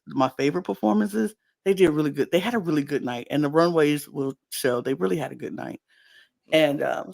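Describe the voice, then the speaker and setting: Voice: medium pitch, gravelly. A podcast co-host chatting casually and animatedly, often laughing and acting out quotes. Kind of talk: casual chat.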